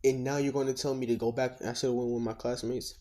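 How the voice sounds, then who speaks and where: A man's voice: mid-range voice, little pitch movement, fast talker, mellow, close to an everyday voice. A man doing a cocky, ruthless teen hero. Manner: blunt, cocky, slangy and profane. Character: ruthless money-driven teen boy hero.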